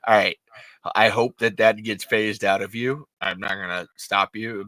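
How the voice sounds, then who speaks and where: A man hosting a podcast in casual chat, animated and profane, laughing often and restarting his sentences. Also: lowish voice, moderate pace, dry recording. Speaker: podcast host.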